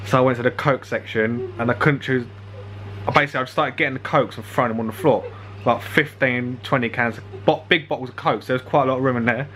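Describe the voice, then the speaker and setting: A man's voice: mid-range voice, steady tone, fast, a bit bright, slight background noise. A young man telling a rambling story casually, laughing often and swearing freely. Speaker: vlogger.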